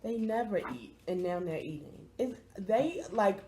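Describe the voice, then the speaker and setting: A woman's voice: medium pitch, animated, a little slow, warm tone, slight background noise. A woman from Baltimore chatting to camera as a vlog host, cursing freely and talking straight to her viewers. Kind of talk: casual chat to camera.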